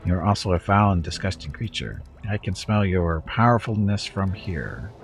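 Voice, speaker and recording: Skeptical adventurer, blunt and dry, low voice, read by a man. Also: expressive, moderate pace, vocal fry. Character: blunt skeptical hero questioning a demon.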